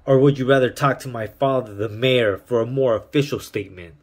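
A man's voice: medium pitch, brisk, breathy edge, close to an everyday voice. A man reading out a smug rich kid. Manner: sly, faux-innocent then malicious. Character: smug rich young man playing innocent.

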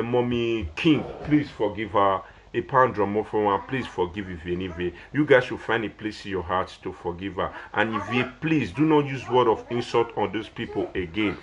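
The audio is dull as a young man with a Nigerian Pidgin English accent and a slightly low voice pleads with his viewers in a rambling, repetitive way. A social media personality, he sounds like he is casually talking on a live phone video.

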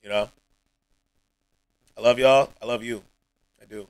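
A man streaming live, talking to his viewers in a rambling, heartfelt way. He is emotional and close to tears, and his voice often sinks almost to a mumble. The sound is dry and close, and his pitch sits in a plain middle range. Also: steady tone, measured pace, clear, resonant tone, no room sound, low-quality recording. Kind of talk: emotional livestream chat. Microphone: streaming mic.

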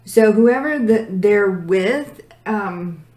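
A woman's voice: medium pitch, expressive, very slow, a little mellow. A woman doing a casual tarot reading who is losing her voice, direct, blunt and emphatic. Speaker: tarot reader. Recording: echoey room.

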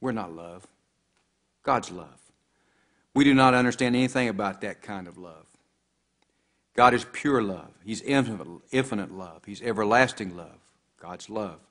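A man's voice: fairly low pitch, moderate pace, pauses often, fairly bright tone. A man preaching a sermon, quoting scripture with rising and falling emphasis.

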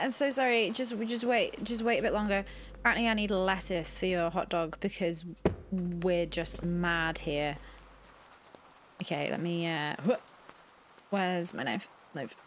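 A woman's voice: medium pitch, a bit bright, a little hiss or hum. A woman hosting a let's play, chatting flustered and apologetic to the game's characters as she plays. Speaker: gaming channel host.

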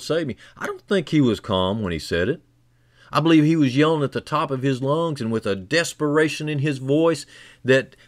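A man preaching a sermon who builds from quiet, low passages to loud, fervent climaxes and repeats key phrases for emphasis. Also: no echo, clean studio sound.

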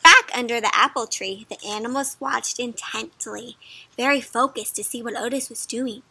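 A woman reading a picture book aloud to children, pausing to ask gentle questions. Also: on the high side, husky. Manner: gentle, asks the listener questions. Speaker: children's storybook reader. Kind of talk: interactive read-aloud for kids.

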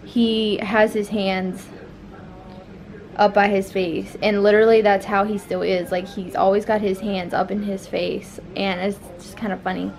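A woman's voice: medium pitch, little pitch movement, unhurried, vocal fry, darkish tone. A young woman, a new mother, chatting casually to her vlog camera, rambling with many fillers.

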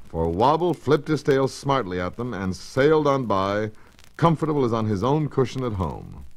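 A man narrating children's stories on a storybook record, in an expressive, measured storytelling manner. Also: on the low side, low-quality recording.

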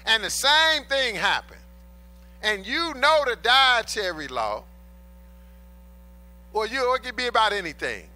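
Animated bright-voiced male preacher. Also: high voice, unhurried, pauses often, faint music behind. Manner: emphatic, colloquial preaching with repeated refrains; addresses the congregation as brothers and sisters. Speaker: pastor. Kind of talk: sermon.

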